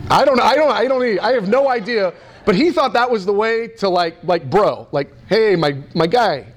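A middle-aged American man preaching, telling a story with lots of fillers and restarts in an animated, excitable way. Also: high voice, moderate pace. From United States. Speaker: pastor. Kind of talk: sermon storytelling.

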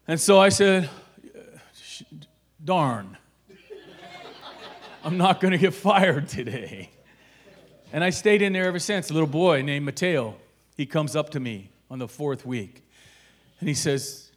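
A middle-aged man telling a personal story, acting out the dialogue and swinging from hushed asides to shouted lines. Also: a little high, animated, moderate pace, pauses often, husky. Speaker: guest telling his story. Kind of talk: animated storytelling.

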